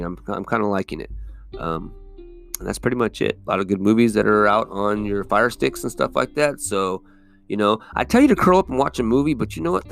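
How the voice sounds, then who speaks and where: A man's voice: mid-range voice, gravelly. A man hosting a solo podcast, talking casually in a rambling, profane, conversational way with lots of fillers. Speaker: podcast host. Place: California.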